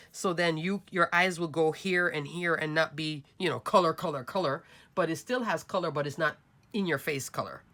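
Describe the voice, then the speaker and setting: A woman's voice: on the low side, a bit bright. A woman hosting a card-making channel, walking viewers through her projects in a chatty, upbeat way. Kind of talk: casual crafting show-and-tell.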